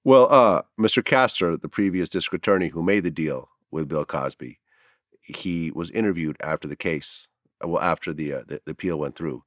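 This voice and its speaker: A man's voice: deep voice, normal speed, no echo, clean studio sound. A man hosting an interview, asking probing follow-up questions. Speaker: interviewer host.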